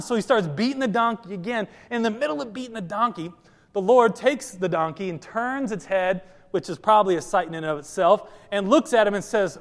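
A man preaching a sermon with lively storytelling, speaking directly to the people in front of him. His voice is high for a man. Long reverb from a large hall hangs on every phrase. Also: fairly quick. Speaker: pastor.

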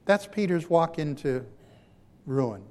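A man preaching a sermon as a pastor, shifting between loud emphatic lines and hushed, quiet ones. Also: on the high side, animated, takes it slowly. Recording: long hall reverb.

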